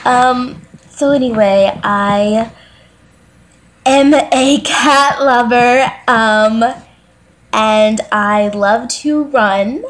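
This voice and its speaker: A woman's voice: a little high, very slow, poor audio. A woman playing a nervous, tearful cat-obsessed single in a comedy dating video, hesitant with lots of ums and sobbing. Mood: weepy. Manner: hesitant, full of ums, breaking into sobs.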